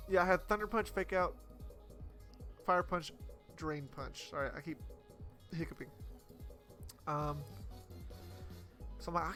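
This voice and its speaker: Young man, gameplay commentary, bright forceful voice, slightly high pitch, rambling, lots of fillers. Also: normal speed, long pauses, faint music behind. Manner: chatty and rambling, with frequent fillers and self-corrections. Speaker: competitive Pokemon player commentating his battle.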